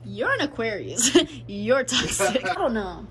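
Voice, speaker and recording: Slightly high-voiced young woman venting casually. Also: very animated, measured pace. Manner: loose, profane, storytelling rants. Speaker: vlogger and singer. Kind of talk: casual chat to camera. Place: recording studio late at night.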